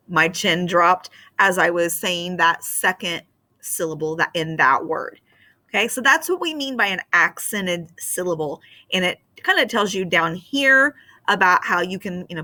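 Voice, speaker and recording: A woman teacher giving a recorded spelling lesson to her class, explaining patiently and filling pauses with um. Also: on the low side, sharp tone. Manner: slow, patient explaining with fillers.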